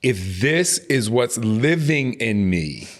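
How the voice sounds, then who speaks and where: A man in his forties, a guest in an interview, talking openly and emotionally, slowing down and growing quiet on painful memories, with many casual fillers. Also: medium pitch, sing-song. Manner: emotional, open, slows on heavy moments. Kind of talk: candid interview conversation.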